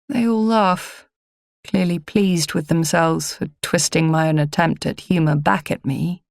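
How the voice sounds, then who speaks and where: A woman reading a first-person audiobook in a measured, low-key delivery. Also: fairly even intonation, gravelly, a little mellow, no room sound, studio quality. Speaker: audiobook narrator.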